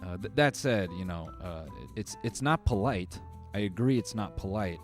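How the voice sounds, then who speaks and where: A man with a fairly low voice riffs through comedic commentary in a loose, rambling way, stumbling over restarts as he goes. Faint music plays under his talk. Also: animated, moderate pace. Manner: rambling, wry, with frequent fillers and restarts. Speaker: comedian host reacting to clips.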